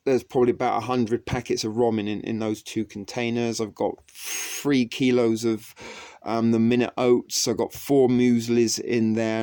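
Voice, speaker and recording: A man's voice: on the low side, darkish tone, clean tone, no echo. A man giving a casual tour of his food stores, rambling and joking with many ums, speaking English as a second language. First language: not English. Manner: rambling, jokey, with frequent ums. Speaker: vlogger. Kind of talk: casual home pantry tour.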